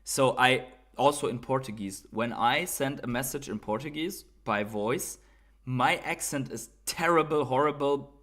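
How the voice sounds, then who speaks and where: A man's voice: mid-range voice, unhurried, fairly bright tone. A man from Germany with a German accent, hosting a casual livestream, thinking aloud, swearing now and then, and often tagging on "right?". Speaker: livestream host.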